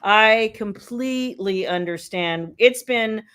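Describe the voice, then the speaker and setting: A woman's voice: mid-range voice, slow pace, fairly bright tone, clean tone. A woman author hosting a casual live stream, chatting and teasing as she reads viewer comments aloud.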